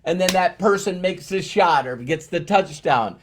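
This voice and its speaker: A man's voice: high voice, lively intonation, normal speed, slight background noise. A middle-aged man giving an emphatic motivational talk to his team, repeating key phrases for effect. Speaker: motivational speaker.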